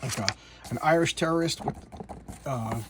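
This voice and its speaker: A man casually recapping and reviewing a comic book, rambling and halting with frequent restarts and chuckles. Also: fairly high pitch, heavy background noise.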